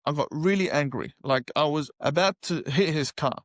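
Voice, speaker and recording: A man's voice: a little high, expressive, moderate pace, few pauses, dry recording, studio quality. A man as an interview guest telling a personal story, acting out his own past words with feeling.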